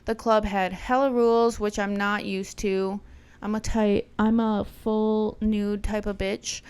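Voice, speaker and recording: A woman's voice: mid-range voice, flat delivery, slow pace, darkish tone, smooth. A young adult woman, a podcast host, telling a wild story in a brash, profane, punchy way. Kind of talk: casual storytelling, retelling a wild night.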